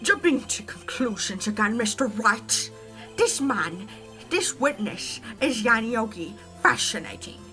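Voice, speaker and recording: A woman's voice: a little high, expressive, a little slow, bright, forceful tone, faint music behind. A woman voicing an arrogant, cold older male prosecutor in a courtroom video game, clipped and condescending.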